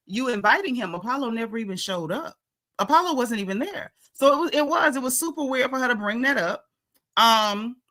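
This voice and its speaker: Lady doing a live recap stream, sharp bright voice, opinionated, keeps saying like and you know. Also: mid-range voice. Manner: reads and greets live chat viewers. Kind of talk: casual live-stream commentary.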